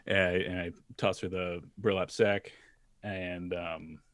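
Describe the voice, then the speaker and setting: A man's voice: low voice, flat delivery, slow, a bit bright, dry recording, clean studio sound. A man playing a tabletop game, speaking hesitantly with many fillers. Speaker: player. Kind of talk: casual tabletop game play.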